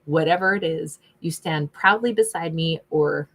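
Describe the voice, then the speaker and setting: A woman's voice: low-pitched, normal speed, fairly bright tone. A woman acting out a sassy, self-assured woman who refuses to be kept secret, speaking brashly and defiantly. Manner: brash and defiant, with big emphatic questions.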